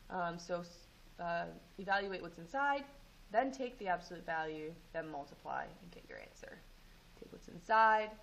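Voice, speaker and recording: A woman teaching math, going over homework and walking students through steps in a relaxed way with frequent ums. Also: on the low side, a little hiss or hum, poor audio. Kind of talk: homework review and lesson.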